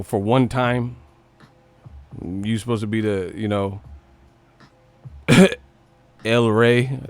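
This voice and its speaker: On his casual live stream, a young man from Northern California swears and uses slang freely, mocking with fake voices and laughter. He has a mid-range, slightly mellow voice, captured in a dry recording.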